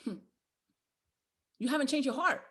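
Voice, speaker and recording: A woman's voice: high voice, normal speed, fairly bright tone. A woman giving a motivational talk to a group call, preacher-like and exhorting, with repeated rallying lines. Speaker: motivational trainer.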